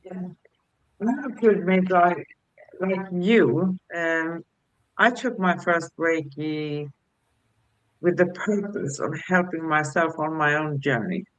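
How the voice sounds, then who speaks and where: A woman's voice: lowish voice, dull audio. A woman co-hosting a casual spiritual chat, speaking in an affirming way and often checking in with "right?". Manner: slow, affirming, asks "right?". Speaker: co-host.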